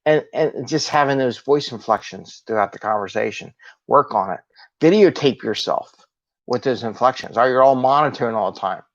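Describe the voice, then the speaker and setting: As an agile coach hosting a live solo video talk, a man speaks in an upbeat, conversational way, asking viewers rhetorical questions. His mid-range voice moves at normal speed, and the recording sounds muffled.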